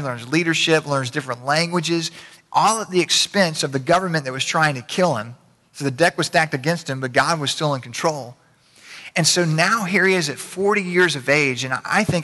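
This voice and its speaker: Man, pastor, folksy conversational sermon, repeats his phrases, bright tone. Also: fairly high pitch, long reverb tail. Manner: folksy, repeats phrases, speeds up and slows down for emphasis. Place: church sanctuary.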